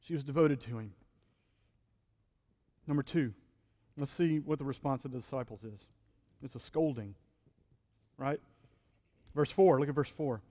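A male pastor preaching a sermon in a relaxed, conversational way, often checking in with the congregation and acting out the quotes he reads. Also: mid-range voice, a little slow, long pauses, in a large hall. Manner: conversational preaching, frequent "right?", acts out quotes.

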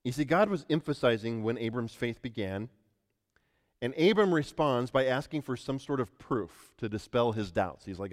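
A man's voice: medium pitch, lively intonation, moderate pace. A man preaching a sermon to a congregation, talking through scripture in a conversational way and asking them questions. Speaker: pastor. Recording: long hall reverb.

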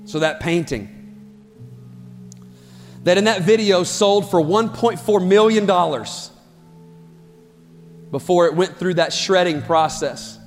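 A man preaching a sermon as pastor, impassioned and building to shouts. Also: high voice, takes it slowly, pauses often. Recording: long hall reverb with faint music.

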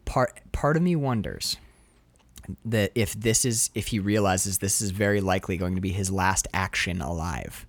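A man casually discussing a film, acting out scenes with lively quoted voices. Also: low-pitched, normal speed, dry recording. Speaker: podcast co-host.

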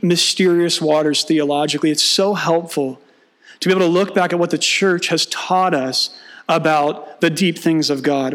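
A man's voice: sits high, fairly bright tone. A male pastor preaching a sermon, mixing teaching with humorous storytelling and acted-out dialogue.

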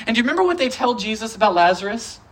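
A preacher delivering a sermon in an animated, conversational way, repeating phrases for emphasis. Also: medium pitch, rapid-fire.

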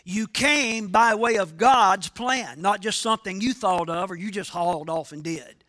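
A man's voice: sits high, measured pace, sharp tone. A male pastor preaching a sermon, speaking emphatically and asking his congregation questions.

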